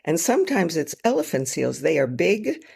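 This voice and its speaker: Gravelly-voiced woman telling travel stories. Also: low-pitched, moderate pace. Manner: animated, self-mocking storytelling with laughs. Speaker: guest, travel author. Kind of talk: storytelling in a podcast interview.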